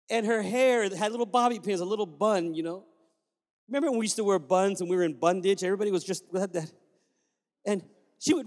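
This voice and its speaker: A man's voice: high voice, quick pace. A man preaching a sermon as pastor, telling family stories with sudden joyful whoops. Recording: long reverb of a large hall.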